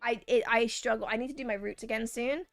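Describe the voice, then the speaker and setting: While playing a game, a female streamer chats casually with her live audience, reading their messages out loud and teasing them in return in a playful, chatty way. Her voice is high and bright, with a steady tone, quick pace, and some vocal fry. The sound is dry and close with no echo, and faint game music plays in the background.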